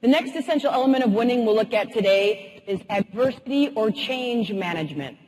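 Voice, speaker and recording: Husky woman telling stories on a stage. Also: on the high side, brisk. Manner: lively, humorous, animated. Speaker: motivational speaker. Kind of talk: keynote storytelling. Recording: husky voice in a reverberant hall.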